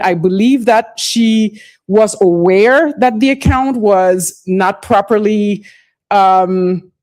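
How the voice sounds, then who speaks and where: A woman's voice: mid-range voice, darkish tone. A middle-aged woman giving formal testimony as a witness, speaking carefully and often stopping to search for words. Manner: hesitant, searching for words, restarts phrases.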